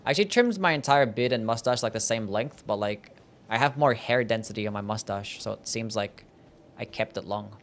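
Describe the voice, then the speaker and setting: A man's voice: lowish voice, fairly quick, a bit bright, a little hiss or hum. A young man chatting casually while streaming a game, answering chat questions and swearing now and then. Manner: laid-back, swears, reads chat. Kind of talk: casual gameplay commentary.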